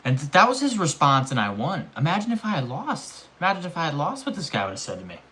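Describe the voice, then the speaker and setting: A young man streaming live, telling a rambling, animated story in casual chat and swearing often. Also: fairly high pitch, fast talker.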